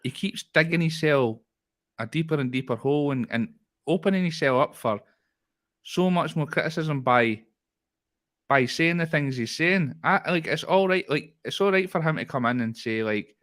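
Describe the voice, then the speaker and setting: Animated Scottish man talking football. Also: on the high side, normal speed. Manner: animated, laughing, rambling with restarts. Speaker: podcast co-host. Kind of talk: casual football chat.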